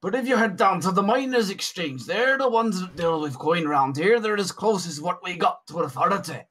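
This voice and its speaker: A man's voice: high voice, lively intonation, moderate pace, fairly bright tone, breathy edge, pitched above the performer's own voice, heavily acted. A man voicing a wary, blunt male dwarf miner with an attempted Scottish accent, saying aye and lad. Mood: gruff. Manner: folksy dialect with aye and lad.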